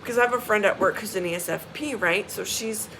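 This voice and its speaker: A woman's voice: mid-range voice, fast talker, bright, forceful tone, a little hiss or hum, poor audio. A woman telling a story in a casual vlog. She rants bluntly and swears, sounding exasperated and repeating her points for emphasis. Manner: emphatic, repeats key phrases. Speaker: vlogger.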